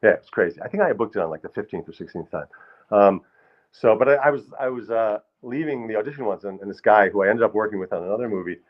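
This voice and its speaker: A male comedian and actor telling stories on a live stage, rambling with deadpan asides, in a muffled live stage recording. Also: fairly low pitch, fast. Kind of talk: stand-up storytelling. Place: live stage in a small hall.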